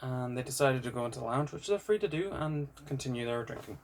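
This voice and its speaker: A man's voice: medium pitch, animated, fast talker. Candid rambling British man. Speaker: vlogger. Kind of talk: unscripted personal vlog monologue.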